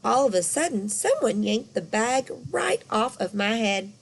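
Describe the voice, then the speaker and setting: A woman reading a children's storybook aloud, lively and expressive. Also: a little high, unhurried, gravelly, hardly any pauses, slight background noise.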